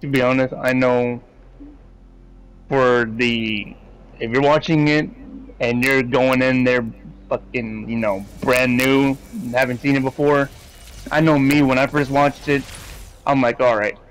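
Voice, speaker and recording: A man's voice: mid-range voice, steady tone, unhurried, long pauses, clear, resonant tone, poor audio. A man hosting a casual movie chat, rambling and swearing freely as he gives his opinions. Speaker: host.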